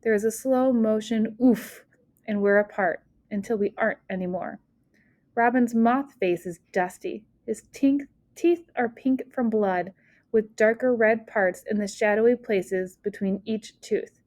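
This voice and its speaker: A woman narrating a first-person audiobook in an expressive reading that speeds and slows with the story. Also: fairly high pitch, dry recording. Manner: expressive, shifting pace with the story.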